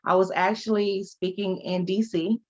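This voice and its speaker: A woman's voice: mid-range voice, steady tone, moderate pace, a little mellow. A woman advocate, a guest from Detroit, telling her story candidly in an interview and acting out the voices she quotes. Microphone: video call. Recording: dull lo-fi video call audio.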